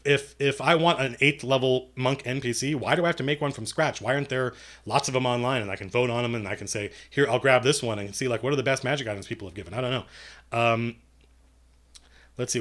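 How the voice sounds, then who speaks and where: A man's voice: medium pitch, fairly bright tone. Man in casual livestream Q&A mode, talks loosely with lots of restarts and dry asides. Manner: rambling, self-correcting, dry jokes. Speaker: game master and writer answering viewer questions.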